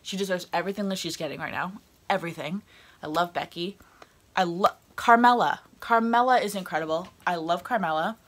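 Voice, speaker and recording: A woman's voice: lowish voice, brisk. A woman fan ranting casually on her vlog, blunt and heated, swearing freely. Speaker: wrestling fan vlogger.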